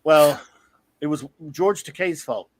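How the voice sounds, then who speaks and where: A man in his fifties hosting a casual comics talk stream, an animated storyteller who often breaks into laughter. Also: a little high, slow pace, no room sound. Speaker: comics podcast host. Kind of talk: casual live-stream chat.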